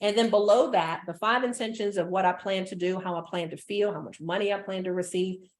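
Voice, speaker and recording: A woman business coach giving an energetic motivational talk, repeating phrases for emphasis. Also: medium pitch, brisk.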